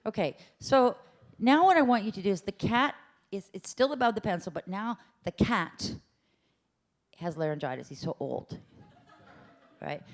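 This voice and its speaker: A woman voice teacher runs a vocal workshop in a symposium lecture room, her mid-range voice expressive and moderately paced with frequent pauses. Chatty and playful, she demonstrates sounds by meowing and humming.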